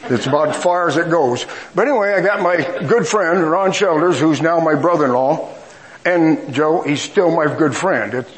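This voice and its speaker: Folksy preacher man, slightly high voice. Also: low-quality recording. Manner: folksy, self-mocking humor. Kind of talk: storytelling sermon.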